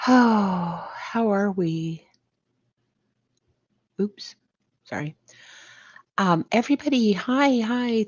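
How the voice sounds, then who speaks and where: A woman's voice: medium pitch, slow, long pauses, darkish tone, dry recording. An older woman hosting a livestream, greeting viewers one by one and calling them sweetheart and baby. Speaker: livestream host. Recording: dull lo-fi sound.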